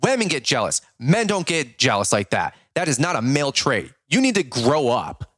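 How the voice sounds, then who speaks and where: A man's voice: mid-range voice, sing-song, normal speed, a bit bright, no room sound, studio quality. A podcast host, a man, delivering an impassioned, scolding monologue to his listeners. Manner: preachy, scolding.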